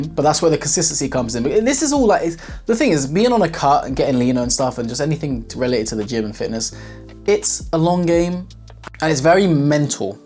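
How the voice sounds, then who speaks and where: A man's voice: mid-range voice, a little mellow. A young man, a fitness coach, talking casually and bluntly to camera with plenty of slang and swearing, speaking straight to his viewers. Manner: blunt and profane, slangy, addresses viewers directly. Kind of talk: casual vlog talk to camera.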